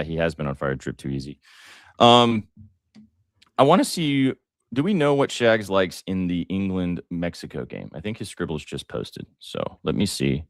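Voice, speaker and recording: A man hosting a live sports betting show, talking casually with jokes, fillers and bursts of excitement. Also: low-pitched, creaky, no room sound, studio quality. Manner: excitable, joking, lots of fillers.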